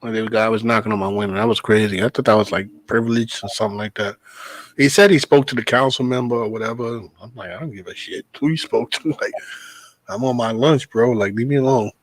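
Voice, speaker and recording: A man hosting a casual talk show, a bus driver telling stories in an animated, profane way. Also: fairly low pitch, fast, no echo, low-quality recording. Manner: animated storytelling, swears freely, laughs. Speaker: podcast host, bus driver. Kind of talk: casual chat.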